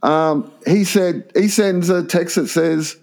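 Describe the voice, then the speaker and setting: A man's voice: high voice, slow, creaky. A man co-hosting a casual podcast, telling crude stories and laughing often. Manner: animated yarn-spinning, crude, laughs often. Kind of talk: casual chat, storytelling.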